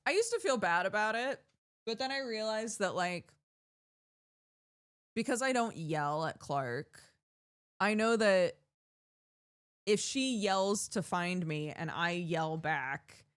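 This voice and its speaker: Animated woman streamer, lively swooping voice. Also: mid-range voice, slow, pauses often, smooth. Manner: animated storytelling with loud yelled bits and laughter. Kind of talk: casual chat.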